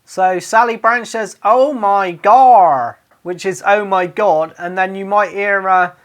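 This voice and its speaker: A man with a Cornish accent, a radio DJ, doing a comic monologue where he reads out sayings and throws in loud, exaggerated dialect phrases. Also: sits high, fairly even intonation, a little slow.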